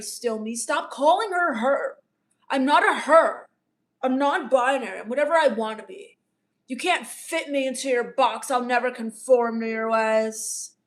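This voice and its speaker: In a high-pitched, slightly bright voice, a woman comedian plays a self-absorbed, bratty teen streamer. Improvising on a livestream, she reads out viewer comments and brushes them off with snark.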